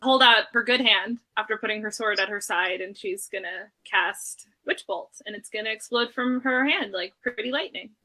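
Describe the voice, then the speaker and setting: A woman playing a tabletop game, describing her character's actions in an animated, giggly way. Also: medium pitch, moderate pace, few pauses. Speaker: player. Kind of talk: casual tabletop roleplay.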